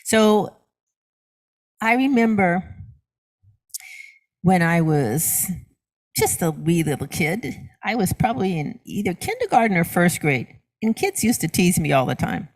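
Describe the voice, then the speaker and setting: A woman's voice: big pitch swings, measured pace, pauses often. Woman preaching a questioning sermon. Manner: asks the congregation questions and answers them; repeats words for emphasis, varied pitch. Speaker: minister.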